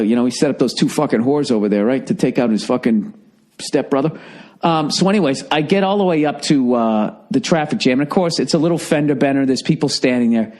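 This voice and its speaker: A middle-aged man hosting a podcast, telling a comic story in a profane, exasperated rant with a Boston accent. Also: medium pitch. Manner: profane, exasperated, animated ranting. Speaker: podcast host.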